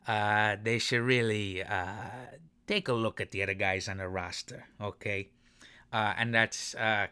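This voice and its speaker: A man's voice: lowish voice, pushed and bright. A man ranting emotionally about his football team, swearing often and mixing sarcasm with affection. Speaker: sports commentator. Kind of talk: profane sports rant.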